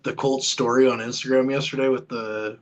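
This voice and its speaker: A man hosting a casual podcast interview, animated and quick to laugh. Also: medium pitch, rough recording. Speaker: podcast host.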